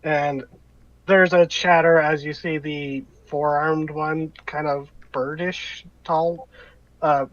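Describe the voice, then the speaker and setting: A man's voice: on the high side, steady tone, slow pace, a bit bright, dry recording, lo-fi sound. A man running a tabletop game as game master, narrating in a rambling, hesitant way full of fillers.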